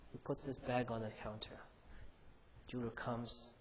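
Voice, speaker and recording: A man's voice: mid-range voice, animated, fairly quick, a little mellow. A male imam giving a youth sermon in a mosque hall. He tells a story with animation and asks the audience questions. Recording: dull, echoey hall recording with faint hum.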